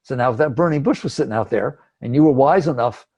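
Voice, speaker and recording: Husky guy w a gravelly edge doing a spiritual talk, chatty and emphatic. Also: mid-range voice, expressive, fast, darkish tone. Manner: conversational, emphatic, acts out inner thoughts. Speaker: spiritual teacher.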